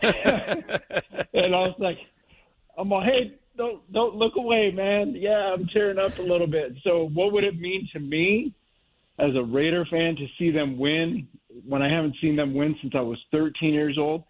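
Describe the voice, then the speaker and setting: A middle-aged man from the Monterey Bay area calling into a radio show, talking in a heartfelt, slow and reflective way. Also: fairly high pitch. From Monterey Bay area, California. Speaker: caller. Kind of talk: call-in reminiscing. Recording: tinny phone line.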